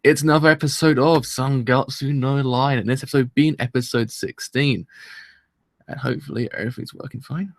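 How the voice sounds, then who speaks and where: A man's voice: medium pitch, steady tone, brisk, vocal fry, no room sound, clean studio sound. A man hosting a live anime reaction, talking in a rambling, chatty and self-deprecating way and laughing often.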